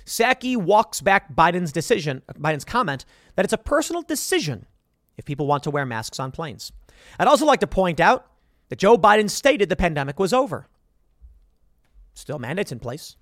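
A man's voice: high-pitched, sing-song, moderate pace, fairly bright tone, dry recording, clean studio sound. A man hosting a political commentary show, reading headlines aloud and mocking them with sarcastic emphasis.

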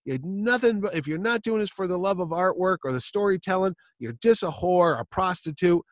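A man putting on the voice of an irate male comic artist who lectures a young fan in a shrill, exasperated rant. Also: fairly quick, dry recording, clean studio sound, natural voice. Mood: lecturing.

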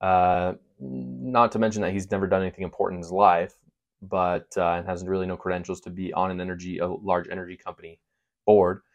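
A man's voice: sits low, flat delivery, brisk, muffled recording. Indignant male political commentator. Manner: emphatic, indignant, sarcastic. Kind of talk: opinion monologue.

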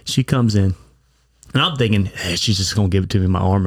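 A blunt, crude man spins a rambling story in a casual podcast chat. His voice sits on the low side and sounds dry and close, with little room around it. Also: quick pace, breathy edge, dry recording. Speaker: podcast co-host. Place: bar.

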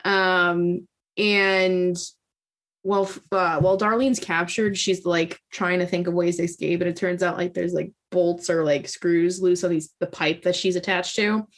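A woman's voice: lowish voice, a little slow. A woman casually retelling a book plot, laughing often and acting out the characters' lines. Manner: laughing, animated retelling with acted-out quotes. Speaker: podcast co-host recapping a book. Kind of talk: casual chat.

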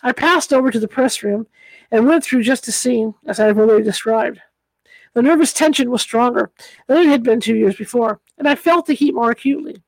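A woman reads a classic story aloud in a measured audiobook style. Her voice sits a little high, and the recording is close and dry with no room sound. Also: vocal fry, darkish tone, no room sound, poor audio. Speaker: audiobook reader. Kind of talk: audiobook reading.

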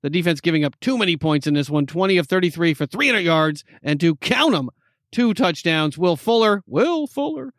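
On a relaxed football talk show, this fairly high-voiced male co-host rattles through scores and statistics in rapid bursts, laughing often. The tone is fairly bright, and he sits close and dry on the microphone without any echo.

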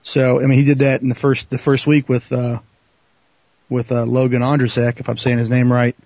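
A man talking as a podcast guest in casual chat, halting and restarting his sentences often. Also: mid-range voice, little pitch movement, a little mellow, no echo, muffled recording.

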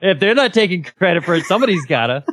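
A man's voice: high-pitched, big pitch swings, fast, noisy background. A man appearing as a guest on a podcast, playful and self-deprecating. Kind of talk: casual podcast chat.

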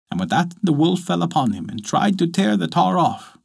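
A man narrating a folk tale as storyteller, lively and expressive. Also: on the high side, normal speed, vocal fry, few pauses, breathy edge. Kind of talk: scripted narration.

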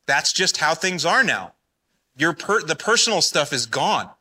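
A man with a very bright, sharp-edged voice, speaking from a conference stage. He talks bluntly and in a folksy, fired-up way, and his pitch sits a little high for a man. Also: very animated, measured pace, slightly rough. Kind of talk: live conference talk. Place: conference hall.

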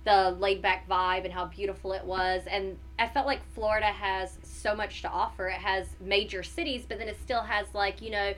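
A woman's voice: mid-range voice, moderate pace, few pauses, poor audio. A woman in her thirties with a North Carolina accent, a guest chatting casually and expressively on a podcast. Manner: chatty and expressive, many fillers. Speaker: guest, former middle school teacher.

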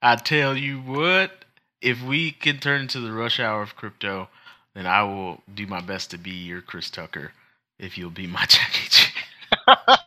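A man's voice: lowish voice, fairly even intonation, measured pace, sharp tone. A man co-hosting a podcast, chatting casually and teasing his co-host. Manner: joking, teasing. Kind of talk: casual chat.

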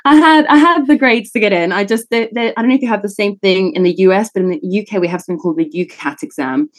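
A woman's voice: mid-range voice, fast talker. A woman in her thirties with a British South African accent, a neuroscientist guest chatting casually in a podcast interview, laughing often and poking fun at herself. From born in Italy, raised in South Africa.

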